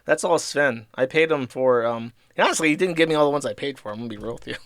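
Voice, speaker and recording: A man's voice: medium pitch, quick pace, a bit bright, dry recording, studio quality. A man hosting a casual livestream, reading out viewer donations and rambling about them with frequent laughs and swearing. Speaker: livestream host.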